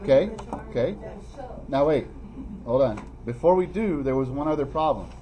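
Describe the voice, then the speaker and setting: A man teaching a math review lesson in a classroom, playfully teasing students and calling them by name. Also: normal speed. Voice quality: animated, pitch jumping high when teasing students. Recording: faint classroom noise.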